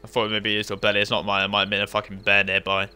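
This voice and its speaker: Bright-voiced gamer, joking and swearing. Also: male voice, lowish voice, monotone, very fast, clear, resonant tone. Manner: jokey, swears freely, laughs often. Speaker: let's play co-host. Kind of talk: casual gaming banter.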